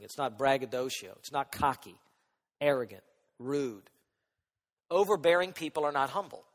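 Male pastor, sermon delivery, high-ish voice, animated soft-to-loud swings, reverberant sanctuary. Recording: long hall reverb.

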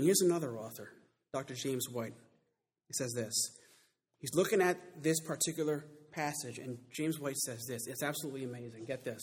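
A man preaching a sermon with emphatic delivery that builds to loud climaxes and slows down to stress key words. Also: mid-range voice, slightly rough.

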